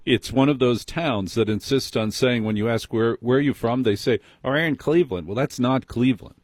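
A man's voice: mid-range voice, fairly even intonation, normal speed, darkish tone, dry recording, studio quality. A man hosting a late-night call-in radio show, wry and self-mocking as he chats with callers. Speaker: radio talk show host. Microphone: studio microphone.

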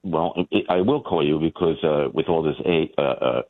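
A man calling in to a radio show, telling a story in a rambling, animated way with many restarts. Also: a bass voice, moderate pace. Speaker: caller. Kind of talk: call-in storytelling. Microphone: telephone. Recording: tinny phone line.

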